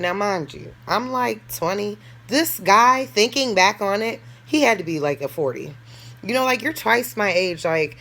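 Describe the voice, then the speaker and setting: A vlogger tells her own story in a casual storytime monologue, her mid-range voice a bit bright and moving at normal speed. She's candid and blunt, full of slang and swearing, laughing through it now and then and acting out what other people said.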